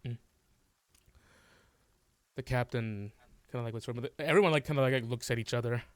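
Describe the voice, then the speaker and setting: A man narrating a tabletop game as game master, halting and full of fillers and restarts. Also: mid-range voice, clean tone, no echo.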